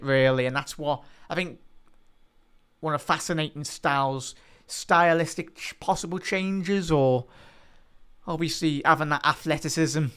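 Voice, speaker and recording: A man hosting a live football watch-along, chatting to viewers and shouting out at goals. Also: medium pitch, smooth. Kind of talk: live match reaction and chat.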